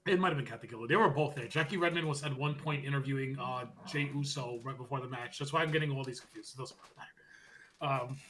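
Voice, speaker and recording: Podcast guy w a bright voice, loud when he acts out quotes, chatty recap. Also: medium pitch, quick pace, slight background noise. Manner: animated storytelling, acts out quotes loudly. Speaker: podcast co-host. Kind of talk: casual wrestling recap chat.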